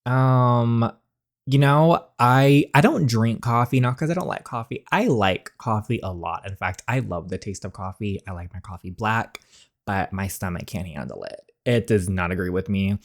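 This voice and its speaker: A man's voice: on the low side, expressive, normal speed. A chatty man plays through a dating game on video, reading the scenes aloud. He breaks off into rambling asides, restarting his sentences as he talks. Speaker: gaming YouTuber.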